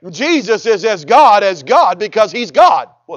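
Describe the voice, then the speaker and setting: A man's voice: high voice, very animated, normal speed, few pauses, fairly bright tone, no room sound, lo-fi sound. A man preaching a sermon in a folksy, conversational way, with humorous asides, who reads scripture aloud in old-fashioned wording. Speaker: pastor.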